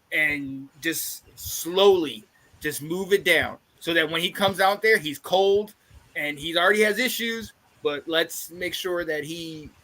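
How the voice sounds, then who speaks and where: A man's voice: fairly high pitch, pushed and bright. A stuffed-up man hosting a casual football podcast, playful and hyped as he talks. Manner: hyped, playful, pep-talk delivery. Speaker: podcast host. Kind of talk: casual sports podcast chat.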